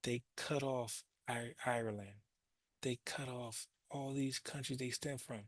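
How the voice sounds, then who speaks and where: A man hosts his own show, delivering a casual commentary monologue in a loose, profane way and doubling back on his words as he explains. His mid-range voice has fairly even intonation and a slightly slow pace, with no room sound.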